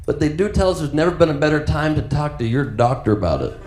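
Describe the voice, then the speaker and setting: A man's voice: fairly high pitch, very animated, quick pace. A male stand-up comedian with a sarcastic, exasperated delivery. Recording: echoey, noisy live club recording.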